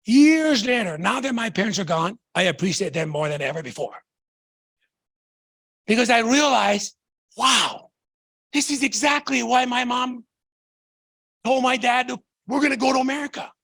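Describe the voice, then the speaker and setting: Middle-aged man from Tonga pitching to an audience; gravelly, excitable, keeps asking if they understand. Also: measured pace, pauses often. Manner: excitable, bursts into shouting, repetitive rhetorical questions. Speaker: business opportunity presenter. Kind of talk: motivational sales talk.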